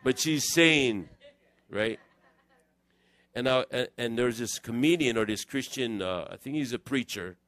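A man preaching a conversational sermon in church, telling stories in an animated, digressive way. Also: mid-range voice, measured pace, no room sound. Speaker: pastor.

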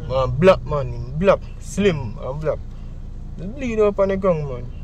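Interviewee: young Jamaican man, high and lively, heavy patois, outdoors with faint traffic behind. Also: a little slow, muffled recording. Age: young adult. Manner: animated, heavy Jamaican Patois, acts out quoted speech. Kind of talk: recounting events in interview.

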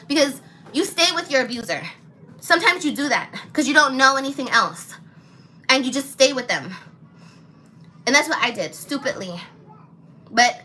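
A young woman vents on a livestream in a blunt, angry, swearing manner. Her voice sits high and sounds bright and sharp. A faint noise floor runs under the recording. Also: lively intonation, normal speed, pauses often, poor audio. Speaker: vlogger. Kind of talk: livestream vlog.

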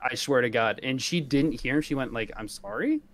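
A man's voice: medium pitch, a little fast. A man on a podcast telling a rant-filled story in casual chat, swearing often and laughing as he goes. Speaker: podcast co-host.

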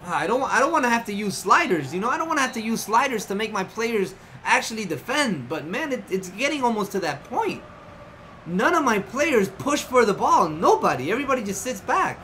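A man giving live commentary on his own video game play, excitable and often frustrated, tossing in "man" and "yo" a lot. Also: high voice, a little fast, slight background noise. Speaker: gaming YouTuber.

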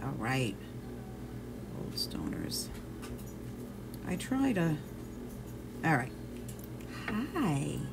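A woman's voice: low voice, huge pitch swings, drawn-out words, creaky, pauses often, background noise. A woman chatting casually on a livestream, swearing freely and greeting viewers by name. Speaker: vlogger.

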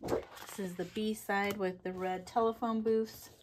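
A woman's voice: mid-range voice, steady tone, a little slow, a little mellow, a little hiss or hum. A woman vlogger chatting casually and enthusiastically through a craft product haul, giggling often.

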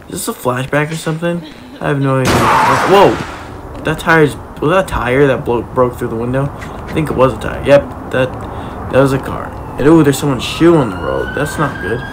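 A man giving playful, excitable commentary as he plays a video game, talking to the characters and cheering his own moves. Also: medium pitch, moderate pace, background noise. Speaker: gaming YouTuber.

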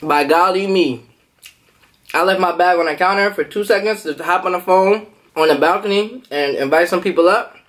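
A man vlogging to camera, telling a story in a lively, animated way and jumping into quoted voices, with features. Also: high voice, normal speed. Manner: animated, jumps into quoted voices, laughs often. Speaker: food vlogger.

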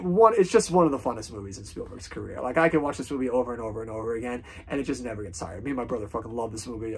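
A man's voice: medium pitch, gravelly, darkish tone, husky. A man casually ranking films on his vlog, gushing with fan enthusiasm and swearing freely. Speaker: film reviewer.

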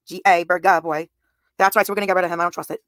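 A woman's voice: lowish voice, flat delivery, rapid-fire, a bit bright, no room sound, clean studio sound. A woman in her thirties livestreaming, talking bluntly and profanely straight to her viewers' comments. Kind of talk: live stream talk to chat.

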